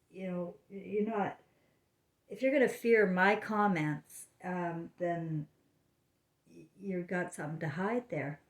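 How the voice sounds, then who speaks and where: A woman's voice: lowish voice, a little mellow. A woman vlogging at home, talking in a meandering way with many fillers and restarts. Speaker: spiritual vlogger. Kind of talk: rambling casual monologue. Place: home, living room. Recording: roomy echo.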